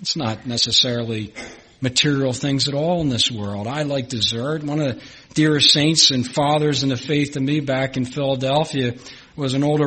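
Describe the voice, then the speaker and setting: A man preaching a sermon, reading scripture earnestly, rising and swelling on key lines and dropping low and soft at the close. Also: husky. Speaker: pastor.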